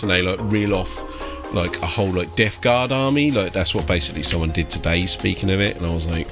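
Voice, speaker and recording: Gravelly low-voiced British man ranting. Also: a little fast, over music. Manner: ranting, swearing, heavy use of "like" and "mate". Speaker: miniature painter and streamer. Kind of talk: casual live-stream chat.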